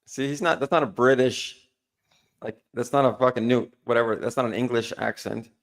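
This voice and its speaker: A man's voice: mid-range voice, fairly even intonation, a little fast. Rambling debate host, a man. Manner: rambling, restarts his sentences constantly. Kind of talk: live-stream debate banter.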